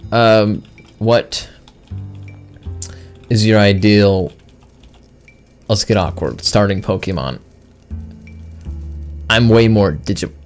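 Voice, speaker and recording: A man giving sarcastic gameplay commentary, reading the game's text aloud and bantering with the characters in mock offense. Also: on the low side. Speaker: gaming video host.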